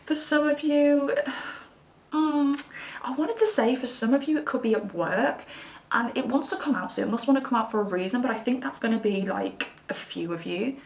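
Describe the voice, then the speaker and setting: A woman's voice: a little high, moderate pace, far from the mic. A woman giving a chatty, reassuring pick-a-card tarot reading. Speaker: tarot reader. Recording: roomy sound from away from the mic.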